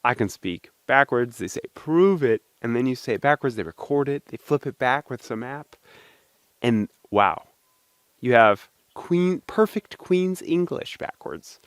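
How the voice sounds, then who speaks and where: A man's voice: medium pitch, lively intonation, a little slow, dry recording, studio quality. A young man hosting a casual video, talking playfully and chatting to his supporters. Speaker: video host. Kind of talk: casual talk to camera.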